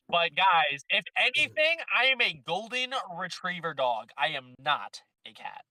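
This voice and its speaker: A man in his twenties co-hosting a live stream, talking in an animated, playfully defensive way. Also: high-pitched, a little slow, hardly any pauses, over a noisy crowd, low-quality recording. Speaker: co-host. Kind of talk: casual live-stream banter.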